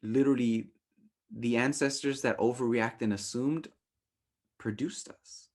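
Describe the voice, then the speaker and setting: A young adult man teaching a relationship workshop in a casual, animated way, often acting out quoted thoughts in playful voices. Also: medium pitch, unhurried.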